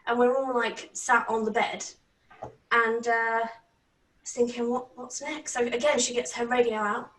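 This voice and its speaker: A woman with a British accent telling a story in a casual, animated way, laughing often and swearing. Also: on the high side, unhurried. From Britain. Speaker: channel host. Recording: roomy, distant from mic.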